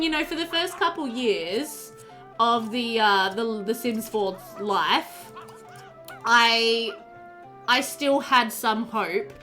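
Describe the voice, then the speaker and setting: A woman with a fairly high-pitched voice chats casually on a live stream as she plays a game. She's excitable, full of fillers, and answers her chat along the way.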